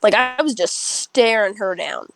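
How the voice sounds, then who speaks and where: A young woman who works as a server tells a story to friends in a casual chat, blunt, profane and animated. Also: mid-range voice, unhurried, creaky, no echo, low-quality recording. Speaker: restaurant server telling a story.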